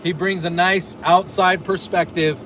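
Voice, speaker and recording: A man's voice: high voice, little pitch movement, measured pace, a bit bright. A man hosting a casual livestream from a car on a road trip, chatting and moderating his chat. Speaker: streamer host. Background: car noise.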